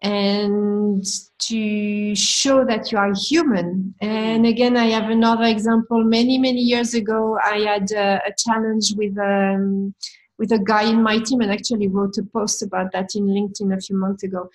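A woman's voice: mid-range voice, flat delivery, moderate pace, poor audio. A woman guest who manages a team, talking frankly and reflectively in a conversational storytelling way, with small restarts.

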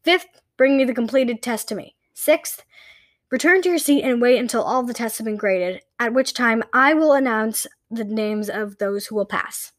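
A woman's voice: on the high side, moderate pace, dry recording, natural voice. A woman voicing a stern, intimidating female test proctor who barks commands, as she reads a story aloud. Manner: barking, commanding orders.

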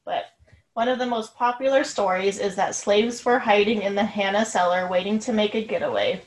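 A woman co-hosts a casual podcast, reading her research on a haunted house quietly and with the odd chuckle. Her voice sits in the middle of the range, and the room around her sounds echoey. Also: medium pitch, moderate pace. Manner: soft-spoken, reads research notes with a chuckle. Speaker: podcast co-host.

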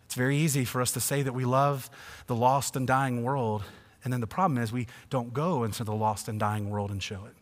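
Male pastor, 30s to 40s, mid pitch, emphatic sermon delivery with hushed dips, long reverb of a church hall. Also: fairly even intonation, fairly quick. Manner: swings from hushed to loud, emphatic.

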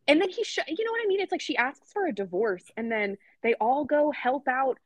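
A young woman co-hosts a podcast, chatting casually and animatedly while swearing and laughing often. Her high-pitched voice moves fairly quickly, and there's no room sound.

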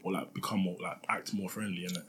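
A man's voice: low-pitched, quick pace, husky. A young man, chatting and teasing his friends on a podcast. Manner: teasing, animated, laughing. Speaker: podcast co-host. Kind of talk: casual chat.

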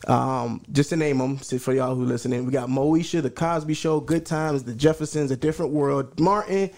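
A man's voice: medium pitch, moderate pace, darkish tone. A man hosting a casual podcast, rambling with plenty of fillers and playful hype. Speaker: podcast host.

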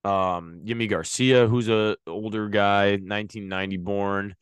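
Low-ish guy rambling on a sports podcast, smooth clear voice, dry close mic. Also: fairly even intonation, measured pace, no echo. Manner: rambling, many fillers and restarts. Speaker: podcast host. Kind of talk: casual sports podcast talk.

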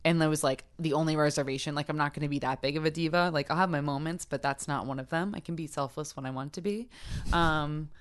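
A woman with a notably low voice talks casually and with playful energy. She often jumps up into quoted voices and then settles back into her deep, easy delivery. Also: fast. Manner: animated, playful, acts out quoted people. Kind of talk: casual chat.

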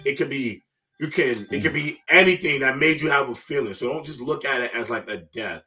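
A man's voice: medium pitch, a little fast, bright, forceful tone, recorded from a distance. A man hosting a casual panel talk show, speaking loosely with slang and emphatic asides. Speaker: show host.

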